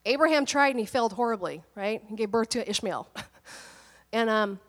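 A woman pastor preaching in a relaxed, talkative manner, with a fairly high voice. She tells stories and laughs easily between points. Her voice rings out with the long reverb of a big hall. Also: moderate pace. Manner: chatty storytelling, laughs often. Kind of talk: conversational sermon.

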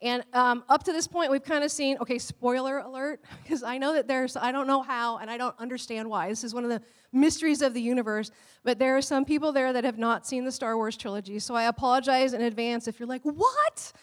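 A middle-aged woman pastor giving a sermon in an animated way, laughing often and acting out quotes in a high voice. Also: brisk. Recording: long hall reverb.

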